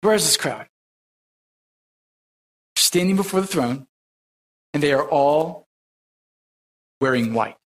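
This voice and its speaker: Male pastor, fairly high voice, folksy sermon full of restarts and repeats. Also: animated, takes it slowly, long pauses. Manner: conversational preaching with frequent repetitions and restarts.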